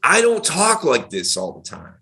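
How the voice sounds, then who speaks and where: Animated, bright-voiced male dating coach. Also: mid-range voice, normal speed. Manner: animated, emphatic, varied tonality. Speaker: dating coach, podcast host. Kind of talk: casual podcast chat.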